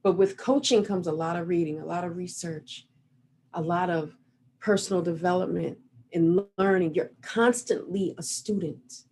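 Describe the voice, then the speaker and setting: A woman's voice: fairly low pitch, fairly even intonation, moderate pace, a little mellow. A middle-aged woman coach giving a reflective, motivational talk over a video call. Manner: earnest, reflective, guiding listeners through an exercise. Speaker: relationship coach.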